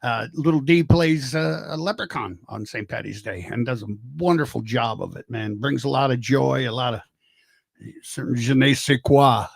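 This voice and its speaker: A man's voice: mid-range voice, creaky, a bit bright, no echo. An older man hosting a casual livestream, rambling, joking and greeting viewers by name. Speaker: livestream host.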